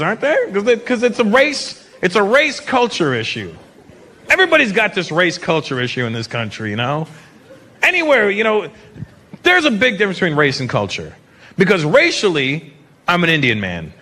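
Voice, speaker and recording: A man from Canada performing a stand-up comedy set on a club stage, talking to the audience and breaking into loud shouted bits as he acts out characters. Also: high-pitched. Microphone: handheld stage mic. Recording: live club recording with crowd noise.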